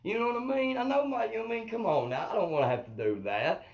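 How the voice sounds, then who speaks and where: This fast-talking man has a high-sitting voice with a darkish tone, heard through a rough phone or webcam recording. As host of a live stream, the comedian rambles through a profane monologue, forever asking viewers "you know what I mean."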